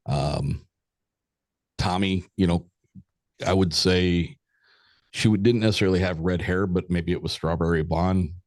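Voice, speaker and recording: A man with a very deep, low voice, recorded close and dry with no room sound. He is a podcast guest telling a story in a loose, candid way. He swears freely and slips into quoted conversations. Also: fairly even intonation, unhurried, pauses often, no room sound. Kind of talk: casual spoken storytelling.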